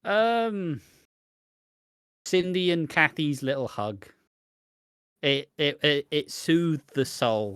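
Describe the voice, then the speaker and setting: A man's voice: fairly high pitch, animated, slow, long pauses, a bit bright, smooth, no room sound, clean studio sound. A man co-hosting a podcast, talking in a laid-back, casual way with frequent restarts and the odd swear. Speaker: podcast co-host. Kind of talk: casual chat.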